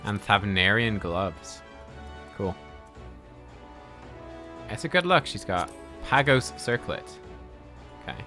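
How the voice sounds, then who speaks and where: A man's voice: on the low side, big pitch swings, slow pace, pauses often, sharp tone. A man giving casual let's-play commentary as a gaming streamer, chatty, swearing and laughing easily. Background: faint game music.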